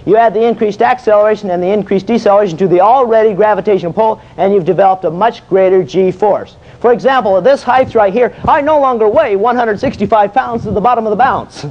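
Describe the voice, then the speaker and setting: High-voiced man teaching, dull old recording. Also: fast talker, hardly any pauses, a little mellow. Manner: folksy, jokey, asks and answers his own questions. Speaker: fitness instructor. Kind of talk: exercise demonstration lecture. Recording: dull lo-fi old video sound.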